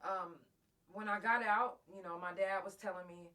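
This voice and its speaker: A woman's voice: mid-range voice, moderate pace, a bit bright. A woman hosting a live talk show, telling a raw, profane personal story straight to her listeners while close to tears. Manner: raw, profane, emotional, addresses listeners directly. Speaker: host.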